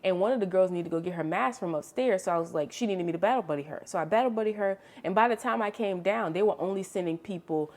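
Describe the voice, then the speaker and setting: A young adult woman vlogger telling a story in casual, chatty storytime style. She is expressive and animated, and she calls the listener honey and girl. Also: medium pitch, quick pace, hardly any pauses. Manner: animated, expressive storytelling with sharp swings in loudness.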